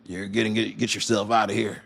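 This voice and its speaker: A man doing a gruff, scolding gatekeeper voice with a put-on Texan twang, low and dismissive. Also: level tone, brisk, a bit bright.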